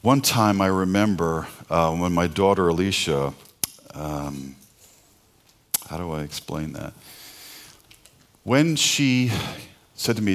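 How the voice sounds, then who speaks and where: A middle-aged man preaching a sermon, telling personal stories with asides and rhetorical questions. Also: deep voice. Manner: conversational storytelling with pauses, asides and rhetorical questions. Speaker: pastor.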